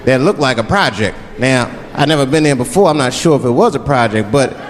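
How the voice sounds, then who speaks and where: A man from Washington, D.C. performing a stand-up routine, telling stories in an animated way and slipping into put-on voices, recorded on a large theater stage before a live crowd. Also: medium pitch, fairly quick, in a large hall. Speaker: stand-up comedian.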